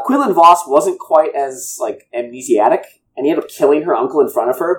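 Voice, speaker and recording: A man co-hosting a podcast, telling a long fan story in a rambling, animated chat. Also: mid-range voice. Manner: rambling, animated retelling of lore. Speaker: podcast co-host.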